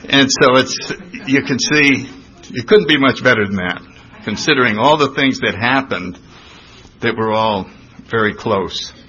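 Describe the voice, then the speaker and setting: An older man telling his recovery story in a personal talk, animated, acting out the voices of the people he describes. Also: mid-range voice, measured pace, a little hiss or hum. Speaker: recovery speaker. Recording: dull lo-fi recording.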